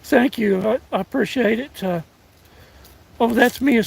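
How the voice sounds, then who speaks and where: A hoarse older man from the United States, live streaming on a phone outdoors in windy woods, chatting in a folksy, halting way and thanking viewers by name. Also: very high voice, rough recording. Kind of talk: casual live-stream chat. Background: faint wind and rustling leaves.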